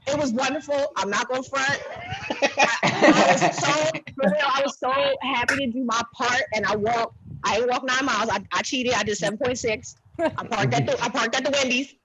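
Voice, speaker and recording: A woman in her thirties from New Jersey doing a blunt, animated stand-up set, talking to the audience like a friend. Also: sits high, fairly quick, background noise. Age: 30s. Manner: blunt, animated, conversational, repeats herself. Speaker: stand-up comedian.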